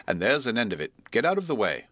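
Stern, curt lawyer voiced by a man, low-pitched and dry, storybook reading. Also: huge pitch swings, fast talker, fairly bright tone, no room sound. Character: stern, domineering male lawyer, irate.

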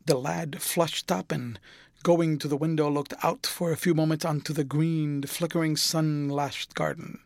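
A man narrating a classic novel in a measured, unhurried way. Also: on the high side, steady tone, gravelly, no room sound, studio quality. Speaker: audiobook narrator.

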